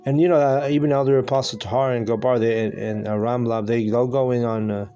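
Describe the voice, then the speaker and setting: Man, mid-pitch, casual slangy preacher, rambling delivery, faint music underneath. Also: steady tone, fast talker, dark tone. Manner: loose and conversational, slangy, with many restarts and filler words. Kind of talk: casual scripture teaching.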